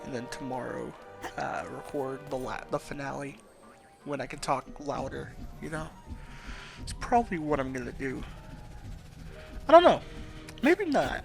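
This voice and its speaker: A man giving soft-spoken, rambling let's play commentary at home at night, with game music behind. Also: medium pitch, creaky.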